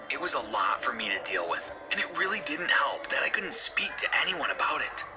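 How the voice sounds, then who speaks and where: A man reading a scripted first-person story in an earnest, steady way for an animated video. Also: mid-range voice, normal speed, low-quality recording. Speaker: narrator. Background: background music.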